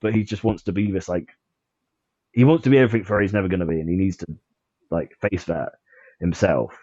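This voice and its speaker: A man's voice: low voice, quick pace, mellow, no room sound, highs cut off. A man chatting casually on a podcast, rambling with lots of fillers and restarts. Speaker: podcast guest.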